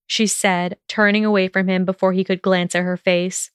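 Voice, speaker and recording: A woman narrating a story in a measured, steady reading voice. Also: mid-range voice, clean tone, no room sound, clean studio sound.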